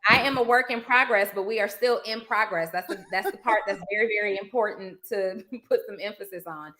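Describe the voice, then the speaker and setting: A woman co-hosting a podcast, telling stories in an animated way and laughing often. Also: medium pitch, fairly quick. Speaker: podcast co-host. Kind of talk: casual podcast chat.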